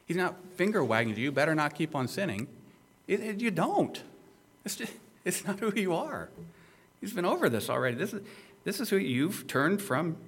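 A man's voice: high-pitched, very animated, moderate pace, breathy edge. A male pastor preaching an expository sermon, emphatic and conversational, with rhetorical questions to the listeners.

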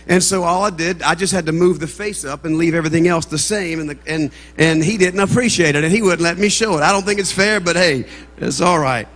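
A man with a Southern American accent, guest preaching in a church sanctuary, speaks in a fairly quick, somewhat bright, high-ish voice. He opens his sermon joking with the congregation before building into fervent preaching. Faint music plays behind him, and the church's long reverb fills the sound.

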